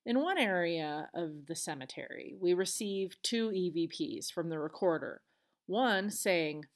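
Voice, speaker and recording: A woman's voice: fairly low pitch, expressive, measured pace. Chatty woman podcast host. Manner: chatty, earnest retelling with casual asides. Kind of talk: solo podcast storytelling.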